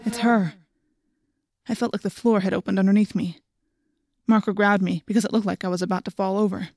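A woman narrating a first-person audiobook in a steady, plain storytelling voice. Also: mid-range voice, quick pace, no room sound, studio quality.

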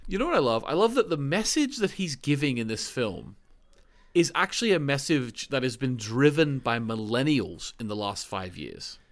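A man co-hosting a casual movie podcast, talking with quick self-corrections and frequent laughter. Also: mid-range voice, sing-song. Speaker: podcast co-host. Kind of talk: casual movie review chat.

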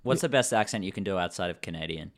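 A man's voice: sits low, lively intonation, fast talker. A man in his thirties from Australia hosting a podcast, chatting casually and rambling through stories. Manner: rambling, self-aware storyteller. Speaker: podcast host. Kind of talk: casual chat. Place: Vancouver.

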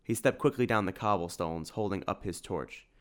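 Male audiobook narrator, low and resonant; steady storytelling. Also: moderate pace.

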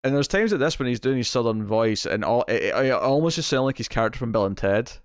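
This male podcast co-host has a clear, resonant, mid-range voice, expressive and fast, captured in a clean studio with no echo. Chatting casually about movies, he rambles, restarting often and repeating words.

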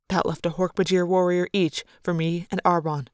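A woman's voice: on the low side, flat delivery, normal speed, hardly any pauses, a crowd in the background. A woman reading a sci-fi novel aloud in first person, narrating with dramatic, vivid storytelling. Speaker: audiobook narrator.

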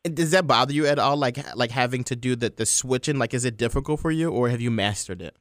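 A man's voice: mid-range voice, quick pace, dry recording, studio quality. A man hosting a casual interview, talking in an eager, gushing way with many fillers. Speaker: interview host.

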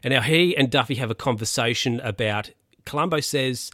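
A podcast host recaps a TV episode in casual chat, rambling with lots of fillers and restarts. His medium-pitched voice is a little fast and fairly bright, captured in clean studio sound without echo.

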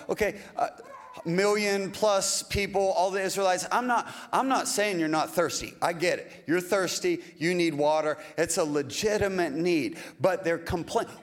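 A pastor delivering a sermon in a conversational, relatable way, full of rhetorical questions. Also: male voice, sits high, normal speed.

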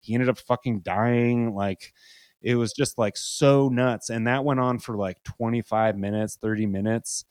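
A man's voice: medium pitch, steady tone, measured pace, a little mellow, smooth, no echo, studio quality. Young male guest, mid-range voice, swears freely, rambling storyteller. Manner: loose and profane, heavy use of "like". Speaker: podcast guest. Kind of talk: casual spoken storytelling.

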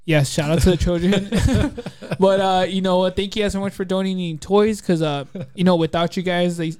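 A man's voice: high-pitched, fairly even intonation, brisk, a little mellow, clean tone, dry recording. A young man hosting a podcast, chatting casually in a rambling way and laughing often, on a headset mic. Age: young adult. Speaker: podcast host. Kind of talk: casual chat.

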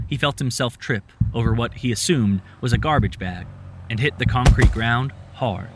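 A man reading a story aloud in a steady, measured narration. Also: mid-range voice, a little hiss or hum.

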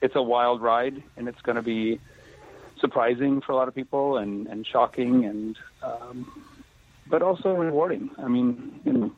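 A man's voice: mid-range voice, husky. A man, an actor guest in a casual interview, talking carefully and holding back spoilers. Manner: careful and measured, avoids spoilers. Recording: tinny phone line, dry.

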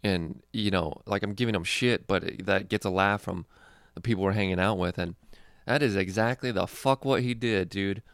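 A man's voice: low-pitched, moderate pace, smooth, dry recording, studio quality. A young man, a stand-up comedian, chatting casually in a rambling, profane, laid-back way. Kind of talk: casual chat.

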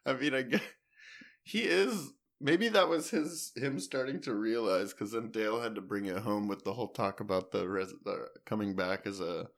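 A man's voice: on the low side, moderate pace. A young man co-hosting a podcast, chatting loosely about a movie, rambling and laughing. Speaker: podcast co-host. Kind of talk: casual movie chat.

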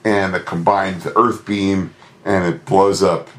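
A man's voice: sits low, slow. A man co-hosting a podcast in casual chat, retelling scenes and acting out silly voices as he goes. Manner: animated, acts out monster voices and shouts. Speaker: podcast co-host.

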